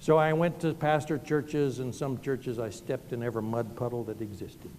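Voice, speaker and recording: A middle-aged Southern pastor preaches with a mellow, dark voice, telling homely stories that poke fun at himself. His words ring out with a long reverb in a large hall, and faint noise sits under them. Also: mid-range voice, steady tone, normal speed. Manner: folksy storytelling, self-deprecating. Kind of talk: sermon.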